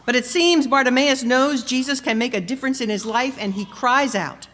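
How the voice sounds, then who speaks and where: A woman preacher delivering a sermon, measured and questioning, rising to emphatic peaks and dropping soft. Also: sits high. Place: church. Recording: long church reverb.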